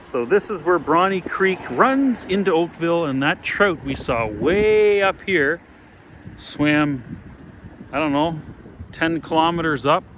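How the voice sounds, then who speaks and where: A man's voice: on the high side, fairly bright tone, low-quality recording. Easygoing man narrating outdoors. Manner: rambling, easygoing, chatty asides. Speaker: travel and fishing vlogger. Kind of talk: casual walking-tour narration. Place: outdoors by a lakeside harbor. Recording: outdoor background noise.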